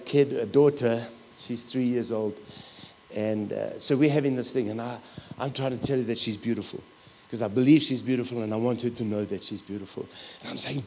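A middle-aged pastor delivers a sermon full of stories, breaking into loud, animated asides. His voice is mid-range.

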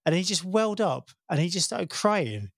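A man in his thirties with a gravelly, slightly raised voice, telling a family story in easy conversation. His delivery is warm and animated, and he jumps up in pitch whenever he quotes his kids. The sound is close and dry. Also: normal speed, dry recording. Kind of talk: casual chat.

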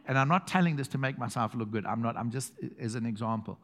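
A middle-aged South African man preaching a sermon as pastor, telling stories with chuckles and quiet emphatic asides. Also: mid-range voice, fast talker. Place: church hall. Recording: long hall reverb.

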